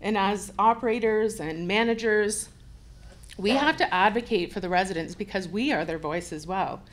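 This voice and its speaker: A woman's voice: mid-range voice, moderate pace. A woman from Canada, a care home administrator, speaking earnestly on a panel as an advocate for residents. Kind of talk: panel talk.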